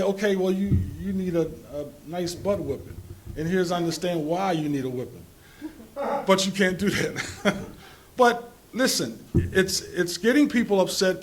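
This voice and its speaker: A man speaks on a conference panel with a fairly high voice. He talks informally and rambles, often restarting his sentences and chuckling between them. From New Jersey. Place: conference hall.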